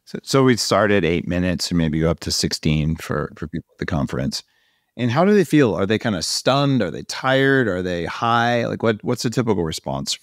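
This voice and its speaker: A man's voice: sits low, normal speed, no echo, clean studio sound. A middle-aged man hosting a podcast interview, talking in a casual, emphatic way. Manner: animated, emphatic when making a point. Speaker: podcast host. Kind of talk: conversational interview.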